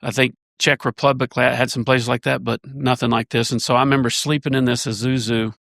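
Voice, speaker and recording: A man, a church elder, telling a long story in a casual podcast conversation, rambling and animated with many restarts. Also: mid-range voice, fairly quick, gravelly, no room sound, studio quality.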